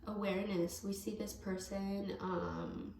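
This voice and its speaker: A woman's voice: mid-range voice, flat delivery, a little slow, darkish tone. A woman giving a casual tarot reading to camera, rambling and correcting herself as she goes, speaking with open affection. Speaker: tarot reader. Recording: echoey room with faint background noise.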